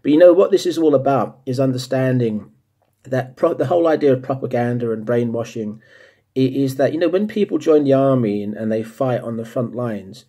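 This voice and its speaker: A man from the United States, living in England, talking casually to the camera, often pausing with ums and restarting his sentences. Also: medium pitch, mellow, slightly rough. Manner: hesitant, many ums and restarts. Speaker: vlogger.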